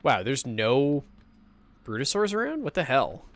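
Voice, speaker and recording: A man's voice: medium pitch, very animated, unhurried. A man hosting a casual gameplay livestream, chatting in a rambling way and swearing now and then.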